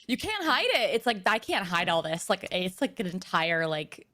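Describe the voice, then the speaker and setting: A woman's voice: fairly low pitch, very animated, normal speed, sharp tone, dry recording. A young woman guest in a casual chat, self-deprecating and laughing a lot. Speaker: guest streamer.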